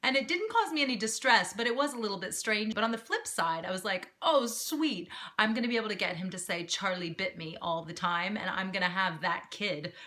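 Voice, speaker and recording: A woman's voice: medium pitch, brisk, hardly any pauses. A woman, chatting casually to camera as an expat mom vlogger. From North Carolina, United States. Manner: chatty, lively, self-deprecating with fillers.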